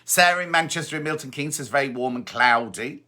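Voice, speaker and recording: A man's voice: medium pitch, fairly quick, sharp tone. A middle-aged man hosting a live stream in a casual, chatty way, reading out viewer greetings and answering them. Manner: chatty, reads greetings aloud and chats back.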